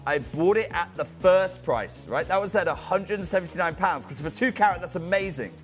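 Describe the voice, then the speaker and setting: A man's voice: high voice, lively intonation, brisk, soft background music. A man presenting a live shopping channel sale, urgent and persuasive, calling out viewers by name. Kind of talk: fast live sales pitch. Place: TV studio.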